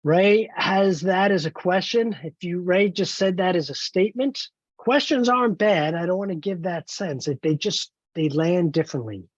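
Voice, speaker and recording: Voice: medium pitch, moderate pace, dry recording, lo-fi sound. A trainer leading an online training webinar, encouraging and explaining step by step over a video call.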